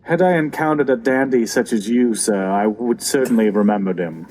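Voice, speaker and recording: A man voicing a haughty masked villain boss who mocks with low, dry scorn. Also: a little fast, darkish tone, close to an everyday voice, rough recording. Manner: haughty, mocking. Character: cool masked male villain boss, sneering inventor.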